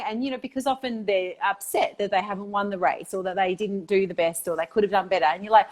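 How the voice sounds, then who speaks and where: A woman's voice: medium pitch, a little fast, a little mellow. A middle-aged woman, chatting enthusiastically as an interview guest, full of "like" and "you know". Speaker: guest, institute founder. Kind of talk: casual interview chat.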